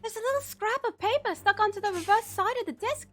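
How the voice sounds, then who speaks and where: A woman's voice: extremely high pitch, quick pace, fairly bright tone, soft background music. A woman hosting a let's play, chatting casually and playfully with friends, often laughing and reading game lines aloud.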